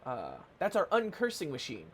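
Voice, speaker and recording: A man's voice: fairly high pitch, wildly swooping pitch, normal speed, a little hiss or hum. A man voicing a chatty game character who patiently explains a strange machine. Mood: explaining.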